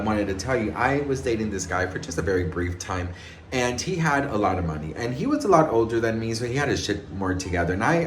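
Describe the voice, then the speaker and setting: In a casual gossip chat, a man vlogs about celebrities with sass and drama, calling viewers "girl" and "best friend" and acting out quotes in raised voices. His pitch is medium, with slight background noise, recorded in an echoey room with faint ambience.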